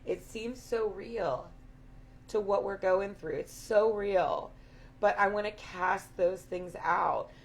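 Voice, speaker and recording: A woman with a raspy voice giving an earnest, affirming spiritual talk to her viewers, repeating her points. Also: medium pitch, slow pace. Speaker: spiritual live-stream host.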